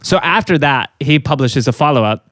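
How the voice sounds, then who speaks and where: A man's voice: mid-range voice, expressive, normal speed, fairly bright tone, dry recording. A man co-hosting a podcast, telling a story in a casual, rambling way with lots of fillers. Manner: rambling, many fillers and acted quotes. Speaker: podcast co-host.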